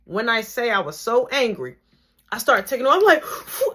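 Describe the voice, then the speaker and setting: A woman telling a casual storytime in an animated, slangy way, with big swings in her voice. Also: on the high side, normal speed, slightly rough.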